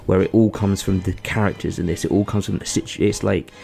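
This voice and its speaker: A man's voice: low voice, fairly even intonation, fast, creaky, dark tone, soft background music. A man, co-hosting a podcast and rambling through a story with lots of fillers. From England. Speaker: podcast co-host. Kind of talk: casual chat.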